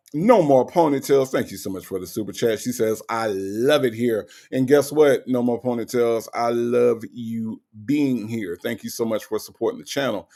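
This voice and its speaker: A man hosting a casual livestream, reading viewer comments aloud and answering in a chatty, teasing way, repeating phrases and swinging his pitch. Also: gravelly, darkish tone. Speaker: livestream host reading chat. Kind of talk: casual live chat.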